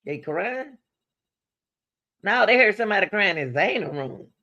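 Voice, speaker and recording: This is a woman's casual true-crime talk, delivered unhurriedly and recorded with lo-fi sound. She addresses viewers head-on, asking rhetorical questions and bouncing from loud, high exclamations to low murmured asides.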